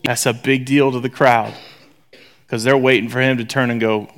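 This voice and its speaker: Man, sermon, animated, shifts between loud bursts and near-whispers, joking. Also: mid-range voice, normal speed. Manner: conversational, joking, acts out voices. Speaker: preacher.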